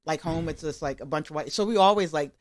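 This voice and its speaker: A woman comedian guest telling stories in a casual podcast chat, animated and laughing often. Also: low-pitched, fast, dry recording, clean studio sound.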